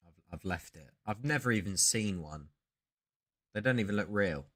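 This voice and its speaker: A man's voice: fairly low pitch, lively intonation, moderate pace, fairly bright tone. A man hosting a casual live stream, chatting loosely and breaking off mid-sentence to ramble through stories. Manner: rambling, self-interrupting storyteller. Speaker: sports card streamer.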